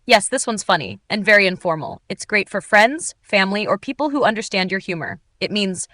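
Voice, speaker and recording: A woman teaching English in an upbeat, clearly articulated, scripted narration. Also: medium pitch, expressive, a little fast, bright, forceful tone, dry recording.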